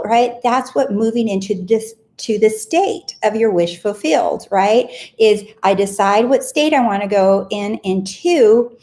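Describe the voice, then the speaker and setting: A woman's voice: mid-range voice, darkish tone. Earnest woman coach, casual pep talk. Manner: earnest, repeats short self-affirmations. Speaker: success coach. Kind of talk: casual motivational talk to camera.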